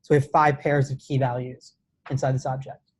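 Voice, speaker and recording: A man's voice: mid-range voice, flat delivery, fairly quick, darkish tone. A man teaching a live coding class in a classroom, casual and chatty, with many restarts and "right?" checks. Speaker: coding instructor.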